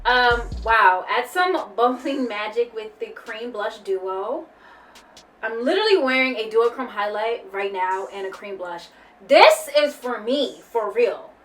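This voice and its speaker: Gushing woman vlogger, slightly high voice. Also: measured pace, a bit bright, distant mic. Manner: gushing, swears casually, keeps exclaiming. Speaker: beauty vlogger. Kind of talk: excited unboxing chat.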